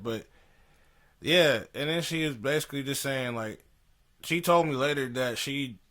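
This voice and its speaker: A man's voice: medium pitch, bright, forceful tone. A young man co-hosting a podcast, telling a story in casual slangy chat and laughing as he goes. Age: young adult. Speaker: podcast co-host. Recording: poor audio.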